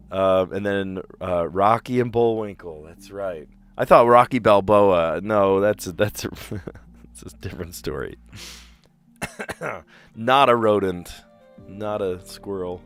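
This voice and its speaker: A man's voice: lowish voice, a little slow, soft background music. A man casually thinking aloud as he reads puzzle clues and works through answers, with frequent restarts. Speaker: streamer playing word puzzles.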